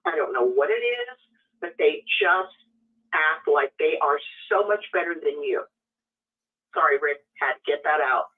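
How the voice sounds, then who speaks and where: A woman's voice: deep voice, lively intonation, unhurried, recorded from a distance. Emphatic woman on a tinny phone line. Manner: indignant, emphatic. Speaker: co-host. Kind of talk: casual radio talk.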